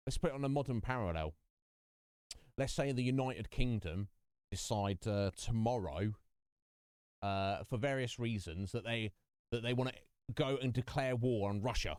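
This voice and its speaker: Male streamer, lively animated delivery, dry close sound, ranting commentary. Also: mid-range voice, clear, resonant tone, no room sound. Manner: animated ranting, mock-quoting voices. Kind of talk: live gameplay commentary.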